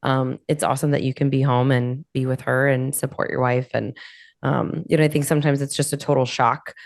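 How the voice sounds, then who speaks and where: Low-voiced woman host, dry sound. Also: little pitch movement, a little fast, gravelly, a little mellow, no room sound. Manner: searching, hedging questions with "you know". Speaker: podcast host. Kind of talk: interview questioning.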